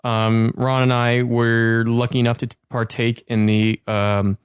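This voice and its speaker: Eager, quick-talking man hosting a chat. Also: mid-range voice, little pitch movement, clear, resonant tone, dry recording, studio quality. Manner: quick, eager talker who trips over words. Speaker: podcast host. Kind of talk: casual chat.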